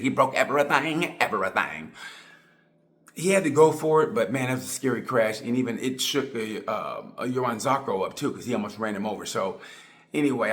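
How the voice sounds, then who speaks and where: A middle-aged man giving a rambling, excitable, tongue-in-cheek monologue about motorcycle racing. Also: medium pitch. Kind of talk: casual monologue.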